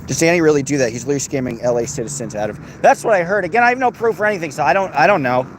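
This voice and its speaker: A man's voice: on the high side, expressive, rapid-fire, slight background noise. An American man hosting a livestream, reading and answering chat in a crude, sarcastic, rambling way. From United States.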